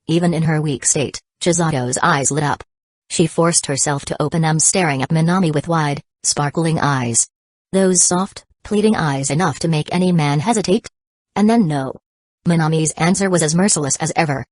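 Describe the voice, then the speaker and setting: A woman narrates a romance novel in a measured, even voice. Her pitch sits low. The recording is dry and close, with no room sound. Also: no room sound. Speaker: audiobook narrator. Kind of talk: scripted narration.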